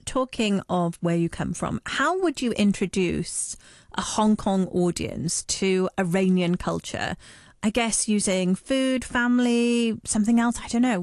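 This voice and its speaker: A woman's voice: medium pitch, moderate pace, no room sound. Upbeat woman radio host, dry studio sound. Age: adult parent. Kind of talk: live radio interview.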